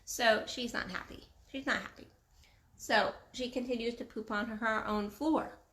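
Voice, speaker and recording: A woman relationship coach speaking straight to her viewers in an emphatic, casual way, repeating phrases for weight and slipping into quoted voices. Her voice sits a little high, and the room gives it a clear echo. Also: fairly even intonation, a little slow, fairly bright tone, a little hiss or hum. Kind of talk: casual vlog monologue. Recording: roomy echo.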